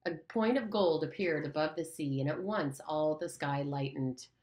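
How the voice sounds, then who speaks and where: A woman narrating an audiobook chapter in a steady, measured storytelling manner. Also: low voice. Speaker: audiobook reader.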